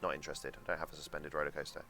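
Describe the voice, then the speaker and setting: A man's voice: a bass voice, little pitch movement, rapid-fire, bright, forceful tone, soft background music. A young man with a London accent, chatting casually and swearing freely while streaming a game and answering chat. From England.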